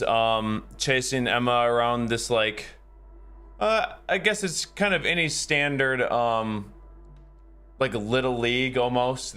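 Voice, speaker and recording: A man's voice: mid-range voice, bright, forceful tone. A game streamer, a man, chatting casually with his live viewers in a rambling, easygoing way and chuckling often.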